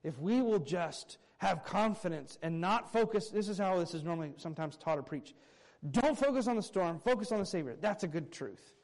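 A man preaching a sermon, explaining a scripture passage with earnest emphasis and quiet low asides. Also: normal speed, low-quality recording. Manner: earnest expository preaching, reading scripture aloud; animated, swinging between raised emphasis and quiet low asides. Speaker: pastor.

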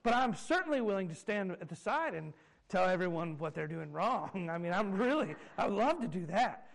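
Pastor, man, thirties, high voice; animated, self-mocking sermon storyteller. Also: moderate pace, vocal fry, low-quality recording. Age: 30s.

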